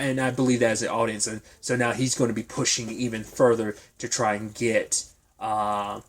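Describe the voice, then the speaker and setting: A man reviewing a TV episode in a casual, rambling recap full of fillers and speculation. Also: medium pitch.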